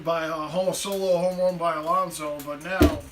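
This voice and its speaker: A man's voice: a little high, steady tone, normal speed, recorded from a distance, over loud music, low-quality recording. A man co-hosting a live stream, giving casual play-by-play reactions and teasing his co-host. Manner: joking, teasing.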